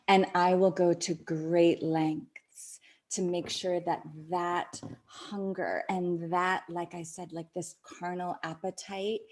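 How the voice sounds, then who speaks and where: A woman podcast host telling a personal story in a soft, breathy voice that often sinks to a near whisper, chatty and laughing often. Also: on the low side. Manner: chatty, with many "like" fillers and frequent laughs.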